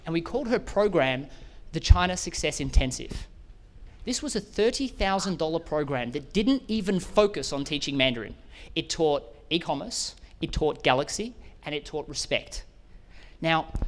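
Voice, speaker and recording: Animated keynote speaker man. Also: fairly high pitch. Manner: animated, addresses audience members directly with questions. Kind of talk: motivational business talk.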